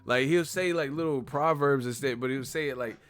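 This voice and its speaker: Loose, profane live-stream talker, mid-pitched man, laughs through his lines, faint music underneath. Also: brisk, fairly bright tone. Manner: laughs often, profane, slangy, imitates others. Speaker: commentator. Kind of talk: casual live-stream commentary.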